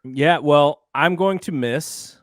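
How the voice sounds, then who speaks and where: A man's voice: a little high, slow, no room sound, clean studio sound. A man hosting a casual podcast chat, friendly and appreciative as he asks his co-host questions.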